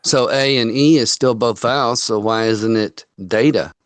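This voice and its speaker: A man's voice: mid-range voice, fairly even intonation, moderate pace, a bit bright, smooth, no room sound. A man co-hosting a casual online talk show, teasing and joking with his guest. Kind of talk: casual chat. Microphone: webcam microphone, off camera.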